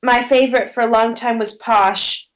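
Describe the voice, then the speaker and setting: A woman with a fairly high voice chats in a bubbly, animated way. She talks casually as a co-host. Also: normal speed. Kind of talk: casual chat.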